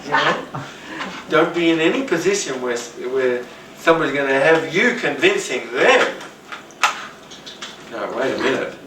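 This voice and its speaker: Guy teaching a workshop, rambly and animated, echoey room, off-mic with background noise. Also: a little high, normal speed. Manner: rambling, animated, acts out quoted voices. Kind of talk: teaching talk on rapport. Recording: roomy, distant, noisy.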